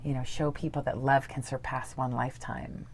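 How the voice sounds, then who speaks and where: A woman's voice: extremely low pitch, level tone, moderate pace, a little mellow, slight background noise. A middle-aged woman guest telling her story earnestly in a conversational interview, laughing now and then.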